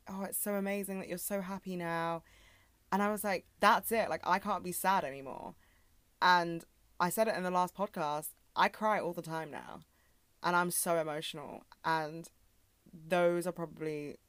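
A woman's voice: deep voice, clean tone, dry recording. A young woman hosting a solo podcast, talking candidly and a little rambling, with fillers. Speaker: podcast host. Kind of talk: reflective solo podcast talk.

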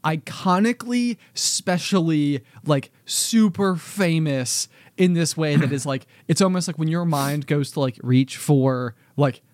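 A man's voice: a little high, measured pace, few pauses, darkish tone, dry recording, studio quality. A young man hosting a podcast in casual chat, rambling and full of "like" fillers. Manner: rambling, lots of "like" fillers, laughs easily. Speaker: podcast host.

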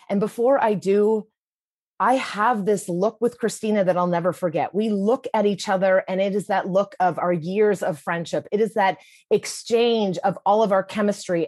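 A woman's voice: medium pitch, dry recording, clean studio sound. Woman telling a vivid comic story. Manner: vivid present-tense storytelling, lively and comic. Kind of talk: personal story told to an audience.

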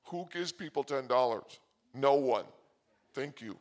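A man hosting a comedy show, telling a rambling story with loud bursts and quick asides. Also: mid-range voice, expressive. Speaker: comedy host. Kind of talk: rambling comic monologue.

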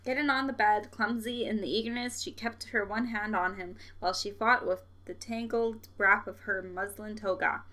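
Bright-voiced young woman reading aloud. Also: medium pitch, fairly even intonation. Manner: reads in a slow, deliberate cadence, breaking into giggles. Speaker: podcast co-host reading a story aloud. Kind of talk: reading aloud on a livestream, with joking asides.

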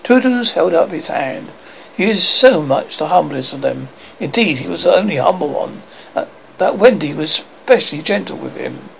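A man reading a children's novel aloud, unhurried and with small slips and self-corrections. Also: on the high side, lively intonation, creaky, muffled recording, slight background noise. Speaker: audiobook reader.

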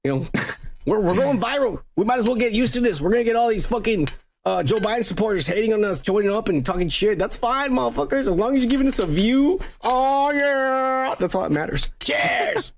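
A man hosts a casual podcast with loud, crude banter. His voice sits high and gravelly, and he swears freely while teasing his co-host. Faint background noise runs under the talk. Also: lively intonation, brisk. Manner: profane, boisterous, teasing.

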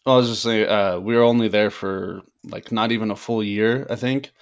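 A man from the American Midwest, an author guesting on a casual podcast, easygoing and quick to laugh. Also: fairly low pitch, fairly even intonation, clear, resonant tone.

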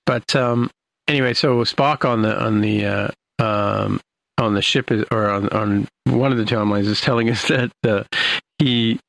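A man's voice: fairly low pitch, gravelly, fairly bright tone, low-quality recording. An older man casually recapping a TV episode, rambling with many fillers and restarts.

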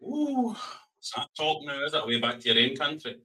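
An actor with a Scottish accent playing a stubborn, sardonic lift passenger in a comedy sketch. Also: male voice, a little high, big pitch swings, moderate pace, bright, forceful tone, distant mic, full character voice.

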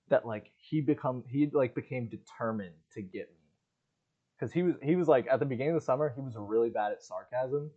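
A young man co-hosting a podcast, telling animated stories in casual chat and acting out his friends' lines. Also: medium pitch, dull audio. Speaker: podcast co-host.

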